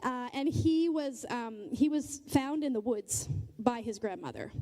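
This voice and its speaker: A woman's voice: a little high, animated, measured pace, mellow. A middle-aged woman giving a conversational, earnest talk in church as a guest speaker, telling stories and checking in with the audience. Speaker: guest speaker, nonprofit leader.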